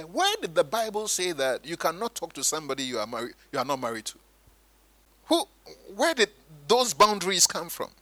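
Guy preaching, high pitched, bright, close dry mic. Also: fairly quick, dry recording, poor audio. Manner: animated, mimics churchgoers in high voices. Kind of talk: sermon.

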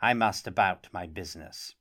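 A man voicing a gruff, ungracious court minister in an audiobook reading. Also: lowish voice, unhurried, fairly bright tone. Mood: stern. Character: gruff, suspicious older male court minister.

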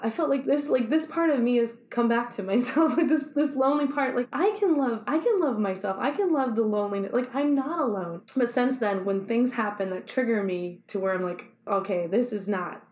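A woman's voice: medium pitch, a little mellow. A woman co-hosting a casual podcast chat, telling a candid, emotional personal story. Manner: candid, emotional storytelling with quoted inner voices. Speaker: podcast co-host, actor. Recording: echoey room.

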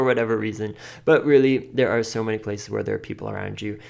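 A man hosting a podcast, giving casual advice in a chatty way, full of "like" and quick laughs. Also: lowish voice, steady tone, vocal fry, darkish tone. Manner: chatty, filler-heavy with frequent "like", laughs often. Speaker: podcast host.

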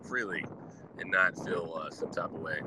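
A man with a fairly low voice hosts a rambling live show, swearing constantly and laughing as he goes. He is recording outdoors in the wind. Gusts of wind noise hit the mic. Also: steady tone, normal speed. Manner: heavily profane, rambling, laughs often.

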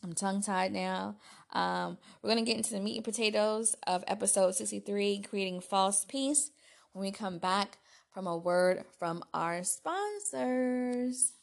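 A woman's voice: medium pitch, measured pace, vocal fry. A woman hosting her own solo podcast, talking in a chatty, self-deprecating way with restarts. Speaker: podcast host. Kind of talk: casual solo podcast talk.

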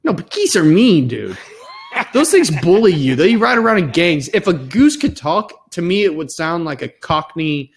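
A Dallas-area podcast co-host chats casually in a slightly high, breathy voice with wide pitch swings and a moderate pace. He's laid-back and profane, and he says "dude" constantly.

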